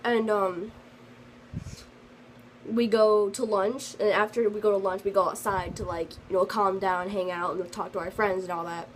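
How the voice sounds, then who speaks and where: A woman's voice: mid-range voice, fairly even intonation, moderate pace, slight background noise, poor audio. Chatty teenage girl telling a story. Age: teens. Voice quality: sensitive, earnest storytelling. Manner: rambling, chatty with many fillers and restarts. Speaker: vlogger. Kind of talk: casual storytime vlog.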